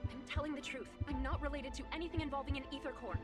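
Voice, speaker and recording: A woman's voice: sits high, fairly even intonation, racing, recorded from a distance, natural voice. An actress playing a nervous, earnest young woman protagonist in a video game. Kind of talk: game voice acting. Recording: game audio with loud music, set back.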